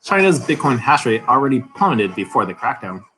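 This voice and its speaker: A man's voice: medium pitch, sing-song, a little fast, pushed and bright, rough recording. Man reading crypto news casually. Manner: reads articles aloud with chatty asides and laughs. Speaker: crypto news channel host.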